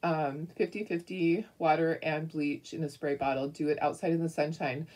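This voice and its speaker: Middle-aged woman, crafting livestream host, husky low voice, affectionate casual chat. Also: fairly even intonation, normal speed, darkish tone. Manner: chatty and affectionate, greets viewers by name.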